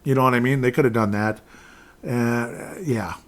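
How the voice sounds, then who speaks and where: A man's voice: medium pitch, fairly even intonation, normal speed, a bit bright. A man hosting a sports podcast, chatting loosely and reading out listener comments. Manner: rambling, chatty, with restarts and laughs. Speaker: podcast host.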